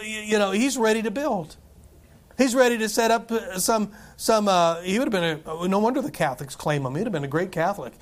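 A man preaching a sermon, reading scripture aloud and chuckling between points, with animated delivery. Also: high voice, fairly quick. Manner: animated preaching, chuckles, quotes scripture in King James English. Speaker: pastor.

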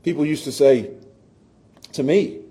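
A middle-aged pastor with a voice on the high side preaches unhurriedly, moving from quiet, tender passages up to loud, impassioned ones and often stammering over his restarts.

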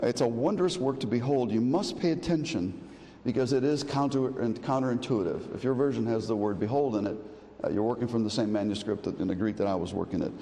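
A man preaches an expository sermon in a warm, medium-pitched voice, speaking a little fast. He often restarts phrases and builds up to emphatic declarations. The hall gives a long reverb, with faint ambient noise.

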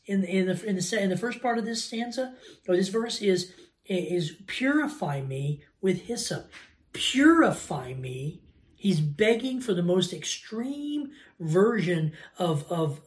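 A man teaching a conversational Bible lesson, talking informally and breaking into animated asides. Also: high-pitched. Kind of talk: informal Bible study talk.

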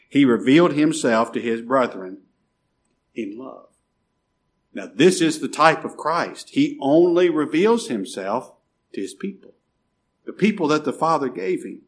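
Male preacher, sermon delivery with scripture reading, big swings from calling out to hushed. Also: mid-range voice, lively intonation, a little slow. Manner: reads scripture aloud, swings from loud calls to quiet drops.

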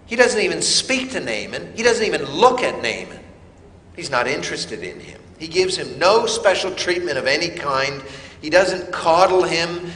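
A man preaching a sermon, slow and emphatic with dramatic pauses. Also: a little high, sharp tone, reverberant, big-room sound. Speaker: pastor.

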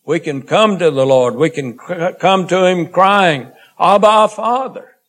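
A man preaching a sermon in a slow, earnest way, drawing out phrases and letting line endings trail off quietly. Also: on the high side.

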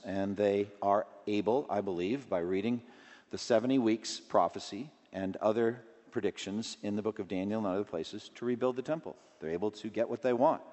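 A man preaching a sermon in an earnest way, his voice rising in pitch and force when he stresses a point. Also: a little mellow, in a large hall.

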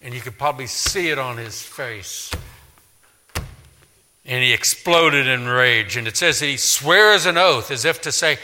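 A male pastor preaching a storytelling sermon in a church, swinging dramatically from loud to hushed. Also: medium pitch, unhurried. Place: church sanctuary. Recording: long church reverb.

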